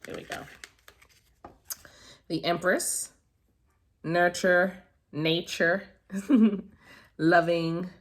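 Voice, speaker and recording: Casual tarot vlogger, woman, low-ish voice, effusive, talks right to her viewers. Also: steady tone, extremely slow, pauses often. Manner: gushing and effusive, with soft exclamations; talks directly to viewers, calling them guys and baby. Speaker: tarot reader and spiritual vlogger. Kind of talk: casual unboxing vlog.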